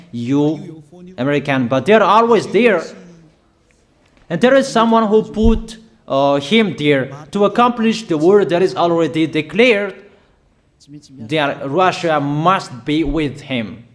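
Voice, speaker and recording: A man delivering a prophetic sermon, making emphatic, repetitive proclamations in non-native English phrasing. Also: on the high side. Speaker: preacher.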